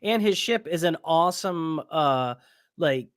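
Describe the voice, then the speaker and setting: A man appearing as a podcast guest, chatting casually about a movie, with halting speech and many restarts. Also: fairly high pitch, animated, dry recording, studio quality. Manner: halting, lots of restarts and fillers. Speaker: guest, game designer.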